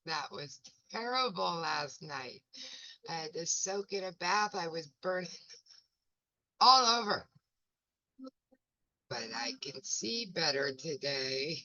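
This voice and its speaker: A woman's voice: low voice, expressive, slow, long pauses, pushed and bright, no echo. A folksy, self-mocking woman, chatting casually as the host of a home video, her eyes burning from pepper. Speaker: wellness ministry host. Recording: dull lo-fi dry sound.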